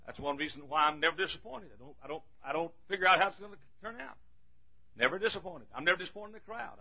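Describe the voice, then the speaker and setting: Older guy preaching, husky voice, folksy stories, gets shouty, kinda muffled lo-fi recording. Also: on the high side. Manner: folksy storytelling, rising to shouting emphasis. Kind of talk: sermon. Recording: dull lo-fi recording.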